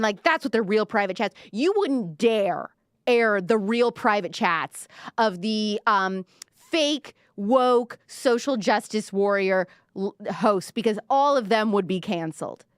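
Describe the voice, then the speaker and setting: A woman's voice: mid-range voice, clean tone, no echo, studio quality. A woman hosting a live-stream commentary show, talking sarcastically and mockingly. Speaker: podcast host.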